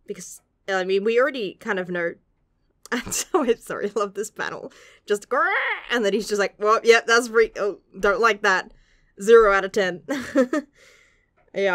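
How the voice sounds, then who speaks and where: A woman's voice: mid-range voice, dry recording, studio quality. A young woman gushing through a casual manga chapter review, laughing often and swearing casually.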